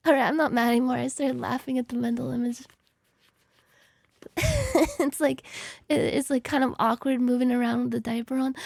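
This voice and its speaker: A woman streamer with a very high voice edged by a gravelly fry, talking casually over her game. She is excitable and rambling, bursting into mock-angry cursing rants. The sound is close and dry, with no room around it. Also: moderate pace, no echo. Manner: rambling, giggly tangents.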